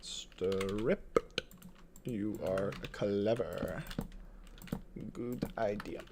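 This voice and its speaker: A man's voice: on the low side, drawn-out words, vocal fry, heavy background noise. A man streaming a building game from his desk at home, thinking aloud in casual commentary, reading chat and chuckling often.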